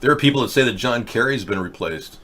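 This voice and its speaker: A man hosts a political talk show, his medium-pitched voice animated, pushed, and bright at a quick pace. He chats casually and thinks aloud in rambling commentary packed with fillers and restarts, captured through a video-chat webcam or desk mic.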